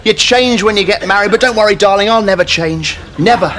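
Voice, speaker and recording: A man's voice: sits high, brisk, fairly bright tone. A man playing a clingy newlywed husband who gives a sweet, smothering romantic speech. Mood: doting. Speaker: sketch actor. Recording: studio audience laughter, noisy.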